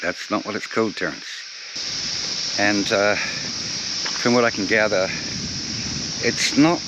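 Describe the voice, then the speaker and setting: A man's voice: lowish voice, slow pace. A man talking to the camera on his travels, chatty and poking fun at himself. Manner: chatty, self-mocking, talks to the camera. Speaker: travel vlogger. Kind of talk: casual travel vlog narration. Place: outdoors on location. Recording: outdoor recording with loud background noise.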